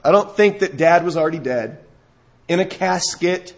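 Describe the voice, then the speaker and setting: Guy preaching a sermon, fairly high voice, goes big then drops way down. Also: moderate pace. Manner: expressive, rising to emphatic highs and dropping low. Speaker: pastor.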